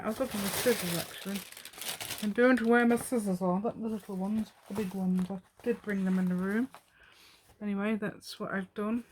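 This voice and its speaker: A woman's voice: mid-range voice, darkish tone, slight background noise. A woman in her fifties chatting and rambling as she makes a craft piece at home, talking to herself and laughing often. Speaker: craft vlogger.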